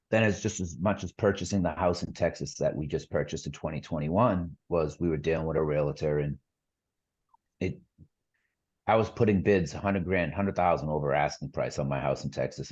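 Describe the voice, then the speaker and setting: A man's voice: very deep voice, darkish tone, slightly rough, highs cut off. A middle-aged man, a podcast guest, telling his story earnestly in a rambling casual way with lots of fillers and restarts.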